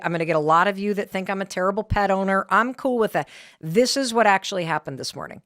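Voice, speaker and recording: A middle-aged woman podcast host telling a story in a casual, animated, self-deprecating way. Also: medium pitch, no echo, clean studio sound. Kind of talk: casual talk to listeners.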